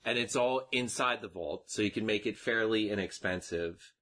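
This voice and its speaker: A man's voice: lowish voice, normal speed, few pauses, fairly bright tone. A man co-hosting a casual comedy podcast, riffing dryly and laughing at the jokes. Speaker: podcast co-host.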